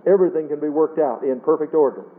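A man preaching a sermon in a folksy, earnest way, rising and falling as he quotes scripture. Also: quick pace. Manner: folksy, earnest preaching with wide swings in pitch. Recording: tinny phone-line radio broadcast.

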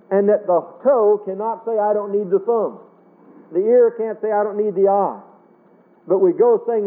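A high-pitched male preacher delivers an earnest sermon, quoting scripture in King James wording. His voice comes through a thin, phone-like radio broadcast.

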